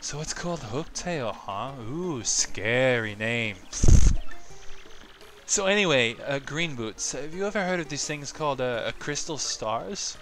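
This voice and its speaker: A sassy young mushroom girl, as a man plays her, snarky, blunt and teasing, in a low-key, quieter game voice. She mocks others without much effort. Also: lively intonation, a little slow, music in the background, lightly acted.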